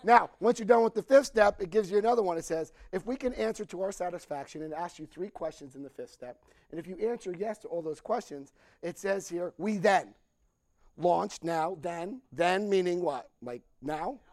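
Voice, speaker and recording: Animated high-pitched gravelly man. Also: normal speed, no echo. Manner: animated, acts out quoted dialogue, laughs while telling. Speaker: speaker at a recovery meeting. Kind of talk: storytelling talk.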